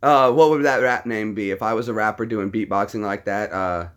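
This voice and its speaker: A man's voice: on the low side, fairly quick, fairly bright tone, clear, resonant tone. A man in his thirties chatting casually about his voice impressions, self-critical and laughing often. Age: 30s. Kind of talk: casual chat.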